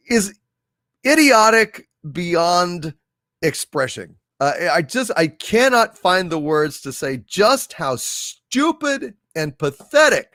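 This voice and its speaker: With a high, fairly bright voice on a clean, dry studio recording, this co-host of a live pop culture show rants with emphasis and indignation. His casual live-stream commentary is full of restarted sentences.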